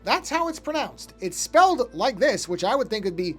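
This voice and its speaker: A man's voice: high-pitched, expressive, quick pace, few pauses, soft background music. Rambling man streaming while he draws. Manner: rambling, talks to chat, stops often to fix things. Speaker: art streamer. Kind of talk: casual live-stream chat while drawing.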